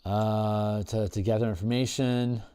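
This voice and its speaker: A tired man working through game design on a livestream, thinking aloud with halting restarts and repeats. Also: lowish voice, fairly even intonation, dark tone, smooth. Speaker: game designer streaming his work.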